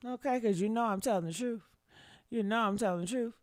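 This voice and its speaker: A woman's voice: a little high, fairly quick, no room sound. A woman doing reaction commentary on a livestream, blunt and profane, repeating her points and talking straight to her viewers. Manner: talks straight to her chat, asks for likes.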